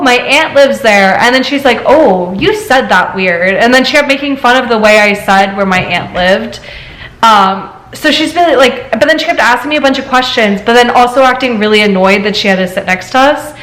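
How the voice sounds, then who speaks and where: Animated woman in an echoey room. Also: fairly high pitch. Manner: animated storyteller, laughs often. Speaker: host. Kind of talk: casual chat reading stories.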